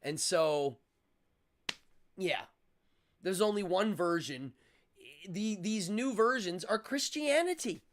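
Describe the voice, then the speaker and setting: A man's voice: a little high, fairly bright tone. A man hosting a livestream, chatting in a rambling, opinionated way with many fillers and restarts. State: out of breath. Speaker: livestream host. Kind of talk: casual livestream chat.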